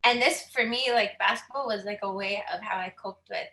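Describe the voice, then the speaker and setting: A woman's voice: mid-range voice, brisk, bright, forceful tone, roomy sound. A woman in her thirties from Saskatchewan, giving a candid, chatty personal talk as a guest speaker, laughing often and moved at times. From Saskatchewan, Canada.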